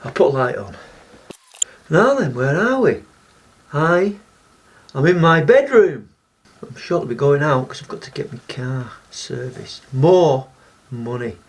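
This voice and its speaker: A man's voice: on the high side, lively intonation, unhurried, long pauses, slightly rough. A man, narrating his day in a casual vlog in a chatty, wry, self-mocking way. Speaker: vlogger.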